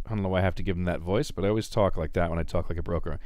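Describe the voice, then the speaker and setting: A man's voice: low voice, animated, racing, few pauses, a little mellow, no room sound, studio quality. A man hosting a solo podcast, giving blunt, emphatic, opinionated commentary. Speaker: podcast host.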